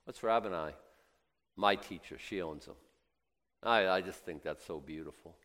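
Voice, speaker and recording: Expressive male preacher. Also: deep voice, moderate pace. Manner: swings from quiet reflection to loud excited emphasis; acts out voices of biblical characters and doubters. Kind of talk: sermon.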